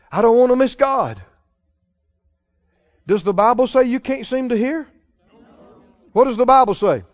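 A man preaching a sermon, emphatic, repeating key phrases and slowing down to stress scripture. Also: very high-pitched, animated. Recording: dull lo-fi sermon recording.

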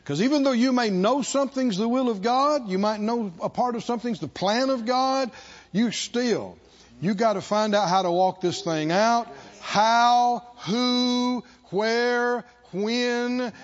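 A man's voice: very high voice, a little slow, highs cut off. A man preaching a sermon to a church congregation, leading call-and-response and stretching out repeated phrases for emphasis. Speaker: pastor.

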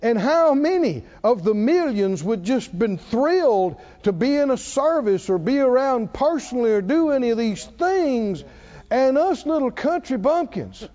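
An older man preaching with a high voice that swoops up and down. His tone is mellow and warm. He tells stories, laughs often and calls out for the congregation to respond, all on a dull, lo-fi church recording. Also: very animated, unhurried. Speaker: pastor. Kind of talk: sermon.

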